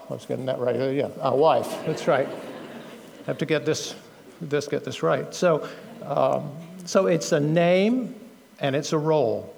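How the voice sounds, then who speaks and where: A middle-aged man with a British accent preaches in an earnest, explanatory way, pausing on fillers and correcting himself as he goes. His voice sits a touch high for a man, and a long church reverb trails after his words. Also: gravelly, darkish tone, a little hiss or hum. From Britain. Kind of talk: sermon.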